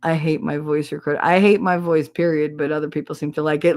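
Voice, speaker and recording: A middle-aged woman with a New Jersey accent hosts a casual livestream chat in a low, gravelly voice. She talks bluntly and abrasively, swearing often. The sound is close and dry. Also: fairly even intonation, brisk, hardly any pauses, darkish tone, no room sound. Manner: blunt, abrasive, heavy cursing. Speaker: livestream host.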